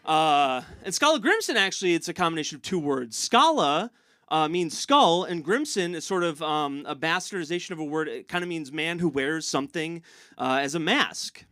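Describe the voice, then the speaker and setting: A man with a bright, somewhat high voice performs stand-up on a live stage. His delivery is halting and full of uh fillers, and the sound is dry and close. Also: expressive, dry recording. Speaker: stand-up comedian. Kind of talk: stand-up comedy set. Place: live comedy show on stage.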